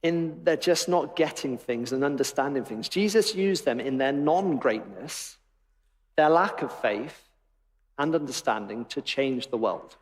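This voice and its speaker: A man preaching a sermon in a church, emphatic and wry in tone. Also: mid-range voice. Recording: long reverb of a church hall.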